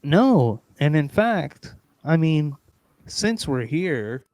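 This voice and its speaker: A male podcast host with a fairly high voice, talking in an unhurried, drawn-out way. He is playful and mock-earnest, jumping into loud excited bursts. The recording is dry and close. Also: no room sound. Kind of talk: casual comedic chat.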